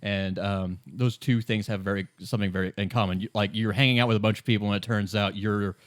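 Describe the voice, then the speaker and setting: A man's voice: fairly low pitch, fairly even intonation, fast talker, no room sound. A man in his thirties talks through a game in easy podcast chat, his voice dry and close with no room around it. He is wry and sarcastic and breaks into laughter often. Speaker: podcast co-host. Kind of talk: casual chat.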